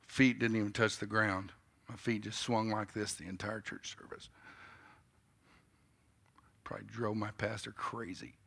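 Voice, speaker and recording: A man in his fifties preaching a sermon, telling a story in a style that moves from quiet reflection to loud, animated telling. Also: lowish voice, measured pace, gravelly, long pauses, slightly rough. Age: 50s.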